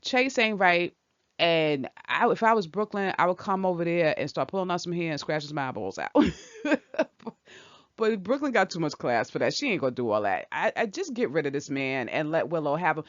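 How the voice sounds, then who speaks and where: A woman's voice: sits low, big pitch swings, brisk, no room sound. A woman hosting her channel, recapping a soap opera in a chatty, opinionated way and talking back at the characters. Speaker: channel host. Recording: dull lo-fi, dry sound.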